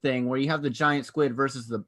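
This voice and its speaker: A man's voice: medium pitch, steady tone, brisk. A man co-hosting a casual movie podcast, rambling through ideas and breaking into silly impressions. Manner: rambling, puts on silly voices and yells for jokes. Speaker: podcast co-host.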